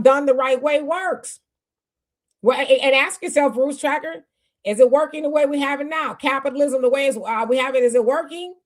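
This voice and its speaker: Chatty woman livestream host in her fifties. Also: high voice. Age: 50s. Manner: conversational, loose with fillers and restarts. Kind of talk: casual live talk to viewers.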